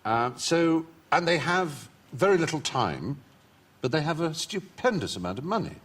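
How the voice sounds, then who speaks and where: An English man, a talk show guest, telling wry, articulate anecdotes in a husky voice. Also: fairly high pitch, big pitch swings, normal speed, fairly bright tone. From England. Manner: articulate, wry storyteller who breaks into put-on voices. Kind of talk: anecdotal chat.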